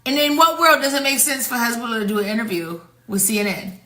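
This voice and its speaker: Sassy bright-voiced woman commentator. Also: a little high, fast talker, reverberant, rough recording. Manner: sassy, rhetorical, slangy. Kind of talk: casual commentary to viewers.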